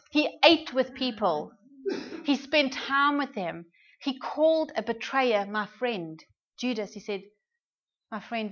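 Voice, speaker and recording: A woman's voice: on the high side, a bit bright, lo-fi sound. A woman with a British accent preaching a sermon in an earnest, conversational way, often asking her listeners questions. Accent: British English. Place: church hall.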